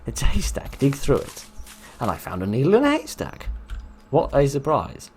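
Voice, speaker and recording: A man's voice: medium pitch, wildly swooping pitch, normal speed, a little mellow, soft background music. A young man commentating his own game playthrough in a wry, self-mocking way. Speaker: let's play host. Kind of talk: gaming commentary.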